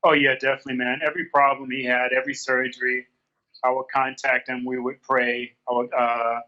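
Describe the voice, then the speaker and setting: A man's voice: mid-range voice, little pitch movement, fairly quick, sharp tone, highs cut off. A man telling a personal story in a candid interview, earnest and repeating his phrases as he quotes past conversations. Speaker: guest.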